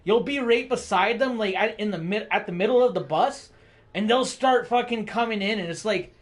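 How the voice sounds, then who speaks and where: High-pitched dude on stream ranting about the road, tons of swearing and likes and dudes. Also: male voice, normal speed. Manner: profane, rambling, heavy on fillers. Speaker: live streamer. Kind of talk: casual rant.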